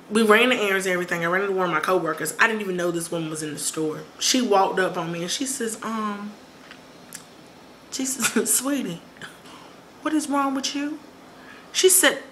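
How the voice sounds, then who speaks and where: A woman telling a personal story on her vlog, lively, acting out quoted voices. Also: lowish voice, a little hiss or hum. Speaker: vlogger.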